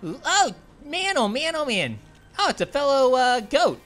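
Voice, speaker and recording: A woman giving excitable, giggly let's play commentary, often apologizing to game characters. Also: high voice, unhurried, soft background music. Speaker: gaming channel host.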